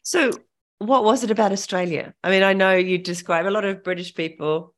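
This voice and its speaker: A woman's voice: medium pitch, fairly even intonation, a little fast. A woman hosting a podcast, asking curious, loosely worded questions in casual interview chat. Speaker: podcast host.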